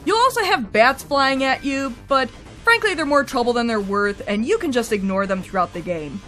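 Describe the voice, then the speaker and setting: Animated high-voiced woman reviewing games. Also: moderate pace, soft background music. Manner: wry, chatty, animated. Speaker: game reviewer. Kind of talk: scripted video game review narration.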